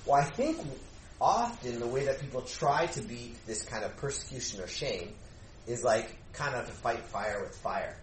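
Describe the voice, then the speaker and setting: A man leading a youth group discussion in an animated way, often asking rhetorical questions and acting out exchanges. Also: medium pitch, moderate pace. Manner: animated, asks rhetorical questions, acts out dialogue. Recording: echoey room, faint background noise.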